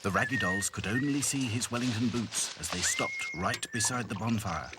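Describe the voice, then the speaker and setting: A man narrating a children's cartoon storybook with expressive, lively storytelling. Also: fairly low pitch, normal speed, heavy background noise.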